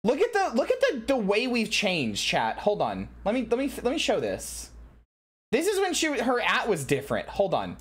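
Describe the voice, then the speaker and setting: A woman live-streaming in casual chat, excitable and very animated, swearing and repeating herself as she talks. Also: fairly high pitch, normal speed, husky.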